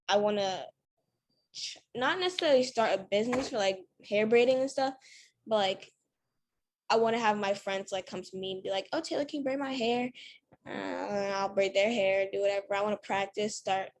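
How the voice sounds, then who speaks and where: A woman's voice: mid-range voice, slight background noise. A teenage girl answering interview questions casually, talking in a chatty way with lots of "like" and "you know". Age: teens. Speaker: interview guest.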